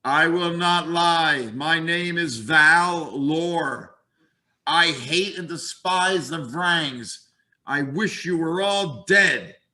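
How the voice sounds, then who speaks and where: A man reading aloud as a defiant young rebel slave from a comic book, loud and unyielding. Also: fairly high pitch, very slow, exaggerated voice.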